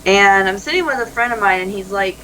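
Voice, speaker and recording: Bright-voiced animated woman. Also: medium pitch, brisk, a little hiss or hum, low-quality recording. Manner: animated storyteller who acts out quoted dialogue and laughs easily. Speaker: life coach, interview guest. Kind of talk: conversational interview.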